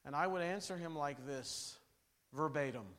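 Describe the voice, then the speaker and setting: A middle-aged man from southern Indiana preaching a sermon, swinging from hushed, slow words to loud emphatic ones. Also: a little high, long reverb tail. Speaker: pastor.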